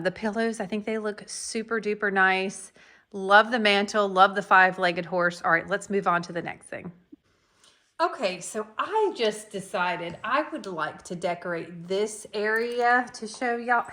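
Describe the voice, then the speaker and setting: A woman's voice: medium pitch, pushed and bright. Blunt folksy woman vlogging. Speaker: home decor YouTuber. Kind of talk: casual decorate-with-me vlog. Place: at home.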